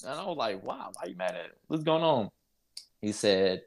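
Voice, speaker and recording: A young man with a low-pitched voice tells a story as a guest in an interview. He talks casually and with energy, laughs along the way and acts out the other people's lines. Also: moderate pace. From North Carolina. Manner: animated, laughs while telling, acts out voices. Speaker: interview guest, basketball player.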